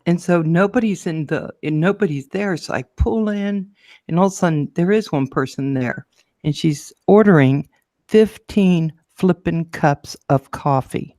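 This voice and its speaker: A woman co-hosting a casual chat show, telling a lively story and acting out the people in it. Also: measured pace, dry recording, studio quality. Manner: lively storyteller, acts out quotes in a high voice. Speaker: show co-host.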